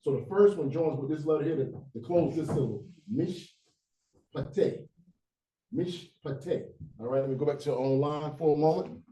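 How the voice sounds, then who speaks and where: A man teaching a Hebrew reading class, patiently explaining rules and sounding out syllables slowly, one by one. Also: fairly high pitch, mellow, husky. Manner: patient, repeats sounds slowly to demonstrate pronunciation. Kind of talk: classroom language lesson.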